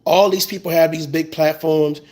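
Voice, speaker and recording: A man's voice: on the high side, steady tone, moderate pace, a little mellow. A man in a fired-up, profane rant, repeating words when he gets heated. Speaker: commentator. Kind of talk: impassioned rant.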